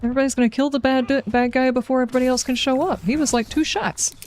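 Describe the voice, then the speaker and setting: A woman's voice: sits high, steady tone, rapid-fire, a little mellow. A woman livestreaming a game, chatting casually and wryly with her viewers as she plays. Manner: chatty and wry, reacting aloud and answering chat. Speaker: gaming livestreamer. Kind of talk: casual live gameplay commentary, chatting with viewers.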